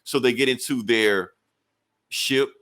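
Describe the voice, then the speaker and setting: A man casually reviewing a comic book, animated and acting out scenes with quick voices. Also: mid-range voice.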